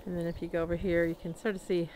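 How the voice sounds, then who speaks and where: Walking through her homestead among the barns and animals, a woman narrates very fast in a warm, lowish voice with little pitch movement. Recorded on a handheld camera mic with a little hiss or hum, she rambles casually, with plenty of fillers and little laughs.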